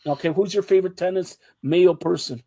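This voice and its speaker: A man's voice: sits high, a little fast. A man hosting a casual sports chat show, teasing his co-hosts and talking over them. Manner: teasing, talks over others, animated.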